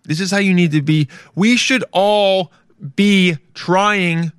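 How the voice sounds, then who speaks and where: A man's voice: sits high, steady tone, slow, a bit bright, clean tone, no room sound, studio quality. A young man in a casual, joking reaction commentary, swearing freely and calling everyone dude. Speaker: commentary host.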